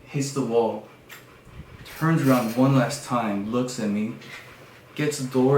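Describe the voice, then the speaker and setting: A man on his podcast, casually telling a story in an animated way, with lots of fillers and hushed passages. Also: medium pitch, takes it slowly. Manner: animated retelling with many fillers, dropping to hushed tones. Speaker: podcast host. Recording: echoey room with faint background noise.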